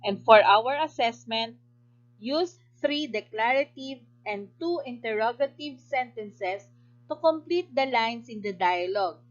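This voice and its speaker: Filipino English woman teacher, unhurried and slightly high, muffled lo-fi sound. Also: lively intonation. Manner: slow, clear and instructive, with praise for answers. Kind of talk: recorded module lesson.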